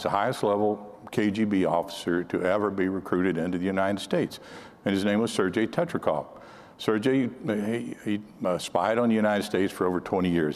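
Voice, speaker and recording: A man's voice: lowish voice, a little mellow, in a large hall. An older man speaking at a conference, telling counterintelligence anecdotes in a conversational way, often restarting his sentences. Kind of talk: storytelling talk to an audience.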